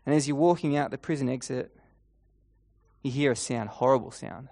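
A man delivers a sermon, vividly retelling a scene in the second person and slowing and softening his voice for emphasis. His voice is medium-pitched with vocal fry, and the recording is dry and clean, studio-quality.

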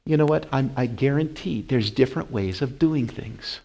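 Male pastor, conversational sermon, rises to loud emphatic peaks, drops to quiet asides, asks the room questions. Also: medium pitch, normal speed, gravelly. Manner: conversational, repeats phrases, asks the congregation questions. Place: church.

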